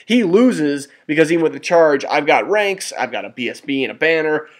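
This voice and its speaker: A man casually narrating a tabletop wargame battle report over photos, rambling and excitable, often restarting and correcting himself. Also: on the high side, fairly quick. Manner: mild cursing and exclamations.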